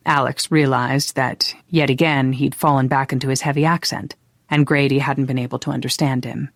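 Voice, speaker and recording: An audiobook narrator reading a historical romance in an even, unhurried way. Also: medium pitch, no room sound, studio quality. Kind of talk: scripted narration.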